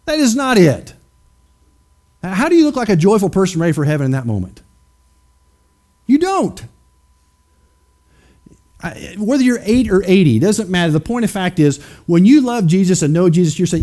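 A man's voice: high-pitched, sing-song, moderate pace, darkish tone. A man preaching a sermon, emphatic and questioning his congregation directly. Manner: acts out skeptics in mocking voices.

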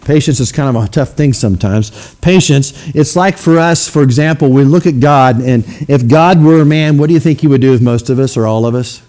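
A man preaching a sermon to his congregation in a conversational way, often checking in with the room with a quick "okay?". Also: mid-range voice, dark tone. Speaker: pastor. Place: church sanctuary.

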